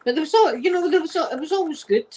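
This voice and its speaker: A middle-aged woman with a Glaswegian Scottish accent, telling stories in a relaxed ASMR chat and dropping Scots words as she goes. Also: high-pitched, rapid-fire, poor audio. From Scotland. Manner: chatty anecdotal storyteller using Scots words. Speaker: ASMR creator.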